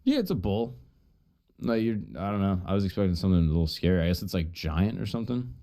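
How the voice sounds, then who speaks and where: A man's voice: sits low, animated, quick pace, mellow. A man streaming while he retells an old myth in a casual, profane, joking way, full of asides.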